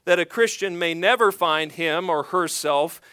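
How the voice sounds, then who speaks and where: A man's voice: on the high side, unhurried, pushed and bright, smooth, no room sound, studio quality. A man preaching a sermon as pastor, earnest and emphatic, reading scripture and then explaining it to his congregation.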